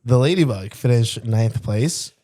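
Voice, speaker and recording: A man's voice: mid-range voice, measured pace, warm tone. Man with a nasal cold voice. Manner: laughs while telling stories. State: sick with a cough and stuffy nose. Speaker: podcast co-host. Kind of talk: casual chat.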